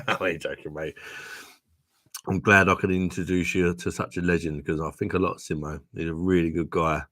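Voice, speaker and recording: Reading out viewer comments on his laid-back drinking stream, this tipsy host has a low voice with a fairly bright tone. The chat is casual, full of swearing, frequent laughter, and plenty of "mate."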